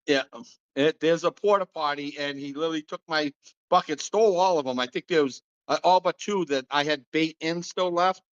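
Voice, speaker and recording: Man hosting animated storytelling podcast host. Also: a little fast, smooth, highs cut off. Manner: animated storyteller, acts out quotes in a higher voice, laughs often. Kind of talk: casual storytelling chat.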